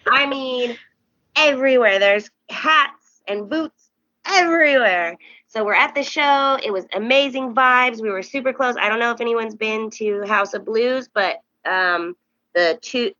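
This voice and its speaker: Bright, chatty young woman host. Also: no echo, lo-fi sound. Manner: animated, acts out quoted voices high and loud. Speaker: podcast host. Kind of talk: casual storytelling chat.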